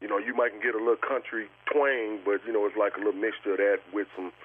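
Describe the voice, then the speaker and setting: A man's voice: lowish voice, level tone, quick pace, husky. A man calling in to a casual chat, rambling loosely with lots of fillers. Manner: reacts with short interjections, rambling. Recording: tinny phone line with faint noise.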